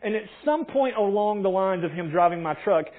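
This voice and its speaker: A man preaching a conversational sermon, telling stories and acting out quotes in an animated way. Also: high-pitched, a little fast, narrow, tinny audio. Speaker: pastor.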